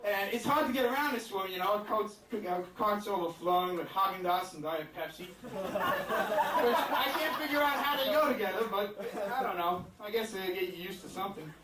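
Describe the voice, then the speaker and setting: Performing stand-up in a club, a man with a high, animated voice moves at a moderate pace through a rambling set that's crude, self-deprecating and full of fillers. The audience laughs loudly, and the audio sounds distant and echoey.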